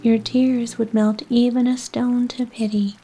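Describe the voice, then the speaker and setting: A woman voicing a coaxing male frog in a whispered role-play bedtime story, speaking in a soft whisper. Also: a little high, little pitch movement, a little slow, faint music behind.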